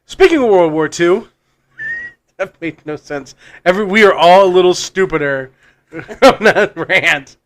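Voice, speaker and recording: Co-host: a man with a high voice and a loose, laughing delivery who reads news items. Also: huge pitch swings, measured pace, a bit bright. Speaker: podcast co-host. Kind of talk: casual comedy chat. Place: studio.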